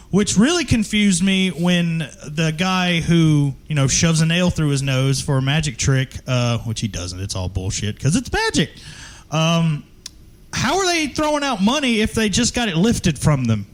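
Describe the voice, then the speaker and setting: Chatty man, lively somewhat high voice. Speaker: podcast co-host. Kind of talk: casual movie-review chat.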